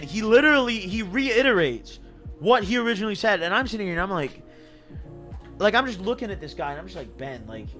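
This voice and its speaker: A young man, intoxicated, telling a story on a stream in a casual, slangy way and laughing as he goes. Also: high voice. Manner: animated, slangy, laughs through his story.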